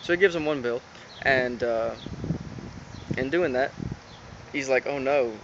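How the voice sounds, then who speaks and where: A man's voice: medium pitch, a little slow. Rambling man recapping an episode. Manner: rambling, with many fillers and retold quotes. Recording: dull lo-fi sound with background noise.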